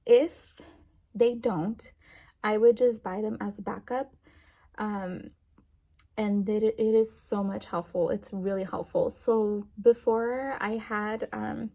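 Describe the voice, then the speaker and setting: A woman's voice: mid-range voice, fairly even intonation, takes it slowly, gravelly, dark tone. A young woman chatting to camera in a rambling way with lots of fillers, emotional and near tears. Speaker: vlogger. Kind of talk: casual chat to camera.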